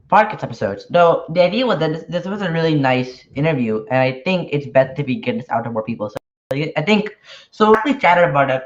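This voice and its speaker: A man chatting casually on a livestream while he works, sounding nervous and hesitant, with frequent restarts and filler words. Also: a little high. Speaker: podcaster and newsletter writer. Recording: dull lo-fi stream audio.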